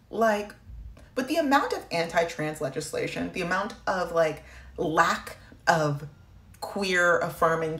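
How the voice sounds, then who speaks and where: A woman in her thirties giving impassioned, animated political commentary with a sarcastic edge. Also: sits low. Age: 30s. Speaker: video creator. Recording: echoey room.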